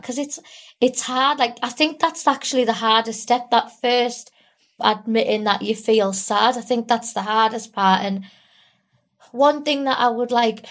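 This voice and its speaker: A woman's voice: fairly high pitch, measured pace. Tearful young woman, candid and rambling. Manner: candid, rambling with many fillers. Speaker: guest. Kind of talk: emotional personal interview.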